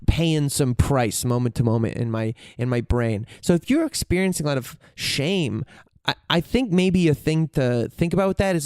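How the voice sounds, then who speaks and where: A man's voice: fairly high pitch, smooth, no echo, studio quality. A man hosting a solo podcast, talking candidly and profanely as he thinks aloud, often restarting his sentences. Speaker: podcast host. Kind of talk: reflective solo podcast monologue.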